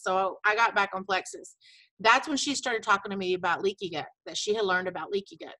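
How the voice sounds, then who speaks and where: A woman's voice: mid-range voice, a little fast, pushed and bright, no room sound, rough recording. A middle-aged woman telling a long personal story in casual chat over a video call, full of fillers and acted-out dialogue. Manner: chatty storyteller, many fillers and quoted dialogue. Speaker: network marketing distributor sharing her story.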